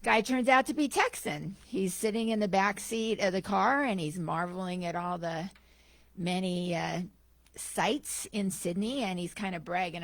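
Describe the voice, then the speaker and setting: Brief: enthusiastic woman guest speaker, jokey church storyteller, mid-pitched, dry close sound. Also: normal speed, dry recording.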